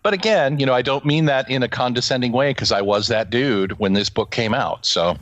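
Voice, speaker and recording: A man's voice: mid-range voice, steady tone, fairly quick, a bit bright, no room sound. Chatty jokey man in his forties. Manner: chatty, jokey, rambling with restarts. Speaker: podcast host. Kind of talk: casual discussion of a comic book.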